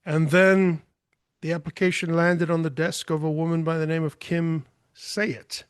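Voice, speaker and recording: A man's voice: a little high, flat delivery, unhurried, clear, resonant tone, no echo. A man talking as a podcast guest, telling a story in a forthright, emphatic way. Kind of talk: casual storytelling.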